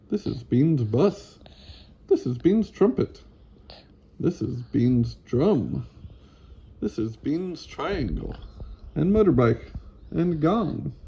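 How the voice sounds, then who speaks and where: A man reads a children's picture book aloud, slow and gentle. His voice has a gravelly texture, and his intonation rises and falls expressively. He keeps an easy, storytelling pace. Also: a little high, muffled recording. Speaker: storybook reader.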